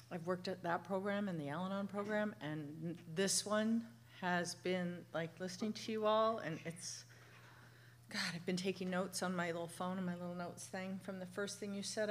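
A woman in her fifties sharing her story at a recovery meeting, emotional and halting, with many fillers and restarts. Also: on the low side, steady tone, a little hiss or hum. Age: 50s. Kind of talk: personal share at a recovery meeting. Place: meeting room.

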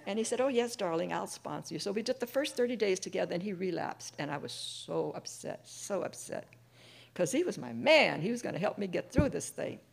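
A middle-aged woman sharing her personal testimony with a recovery group, an animated storyteller who acts out the voices of the people in her story. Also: mid-range voice, brisk, gravelly, slightly rough. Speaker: speaker sharing at a recovery meeting.

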